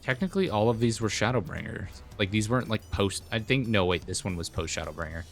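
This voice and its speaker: A man's voice: fairly low pitch, lively intonation, fast talker, soft background music. A male streamer chatting casually during a live game stream, rambling with lots of fillers. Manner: rambling, filler-heavy talk.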